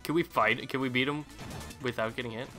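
A man's voice: mid-range voice, steady tone, brisk, over music. A man giving casual, rambling let's play commentary, chatty and self-deprecating as he plays. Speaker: gaming channel host.

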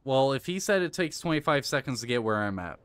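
A man's voice: medium pitch, very animated, fast talker, a bit bright, smooth, no echo. A man streaming a video game live, coaching himself aloud and swearing when it goes wrong. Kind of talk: casual live-stream commentary.

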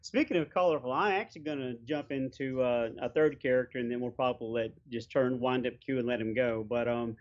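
A male podcast host guides the interview, linking topics and telling how a gaming session went. His voice sits at a mid pitch, and the audio is dull and lo-fi, like an online call. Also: brisk, few pauses. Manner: steering questions, recounting a gaming session. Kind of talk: interview hosting.

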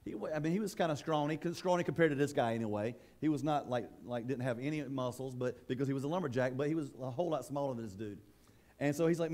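A male pastor preaching a sermon in a church, in a conversational, halting way that often repeats words. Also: medium pitch, darkish tone.

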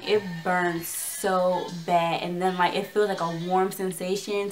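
A young woman vlogging, telling a story casually to the camera in a chatty, slangy way and acting out the dialogue with energy. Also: lowish voice.

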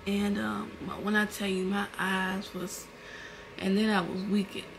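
With a gravelly, medium-pitched voice and a slightly slow pace, a young woman vlogger animatedly and casually recounts an emotional story to camera, using many fillers. The camera mic at home indoors captures background noise.

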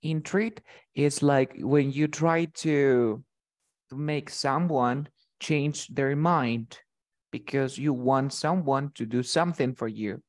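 A man's voice: mid-range voice, slow pace. A man teaching English vocabulary to a student. He explains patiently, repeats his points and checks that he is understood. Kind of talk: bilingual vocabulary lesson with a student.

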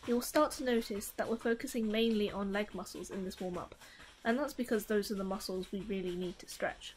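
Young woman, calm instructor voice-over, clear and encouraging, faint hiss behind. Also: medium pitch, fairly quick. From United Kingdom. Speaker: taekwondo stretching instructor.

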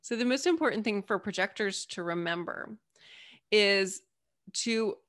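An animated woman talks as a guest on a podcast, with a mid-range voice. She is emphatic and lively, and now and then she slips into playful quoted voices to make her point. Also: medium pitch, measured pace. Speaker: podcast guest, Human Design reader. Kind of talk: casual podcast conversation.

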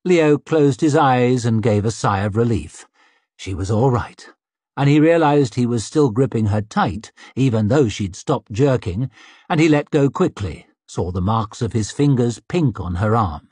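A man narrating an audiobook in a measured storytelling manner, voice slightly husky. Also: medium pitch, expressive, a little mellow, no echo. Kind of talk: scripted narration.

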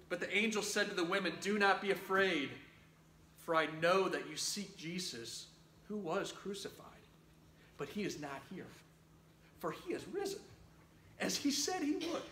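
A man's voice: high-pitched, bright, forceful tone. A man preaching an Easter sermon, telling the story dramatically and acting out news-report voices. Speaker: pastor. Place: church sanctuary. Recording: echoey church room.

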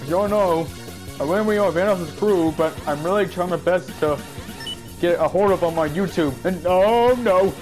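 A man giving casual gameplay commentary, excitable and yelping at every mishap, with a stuffy nose. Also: high-pitched, normal speed, soft background music. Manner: excitable, yelps and shouts at mishaps. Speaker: gaming YouTuber.

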